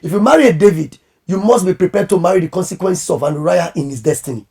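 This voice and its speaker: Husky, animated preacher man. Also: high voice, fast talker. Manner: animated, acts out quoted voices, preachy. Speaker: pastor and marriage coach. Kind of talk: conversational advice talk.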